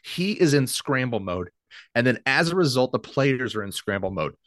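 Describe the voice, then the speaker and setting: A man co-hosting a sports podcast, blunt and opinionated, firing back quick rebuttals in casual chat. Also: mid-range voice, sing-song, dry recording. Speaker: podcast co-host.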